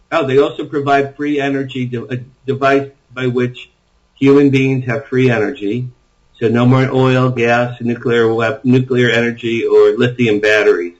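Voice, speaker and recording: Appearing as an author guest in an interview, a man lays out ideas enthusiastically in long, rambling runs, frequently restarting sentences as he goes. His pitch sits in the middle range for a man, and the audio is dull and lo-fi.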